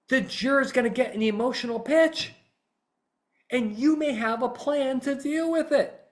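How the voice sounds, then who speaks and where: A middle-aged man, a trial consultant, telling a story in podcast talk and acting out how he would address jurors. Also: very high-pitched. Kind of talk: podcast talk acting out a voir dire example.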